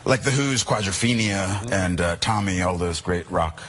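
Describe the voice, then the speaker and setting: A man answering an interview question in a relaxed, hesitant way, with many fillers. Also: low-pitched, moderate pace, husky. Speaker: cast member interviewee.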